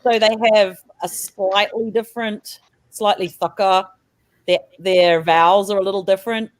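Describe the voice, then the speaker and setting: A woman's voice: mid-range voice, normal speed, no room sound. Laughing New Zealand woman, dry close mic. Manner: laughs often, animated storytelling. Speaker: podcast co-host. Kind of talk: casual chat.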